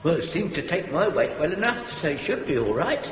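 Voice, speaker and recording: An actor playing an eager, fussy elderly lance corporal who rambles, in a radio sitcom. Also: male voice, fairly high pitch, big pitch swings, a little fast, a little hiss or hum. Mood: busy. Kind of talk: 1970s radio sitcom acting. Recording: echoey hall, dull old radio recording.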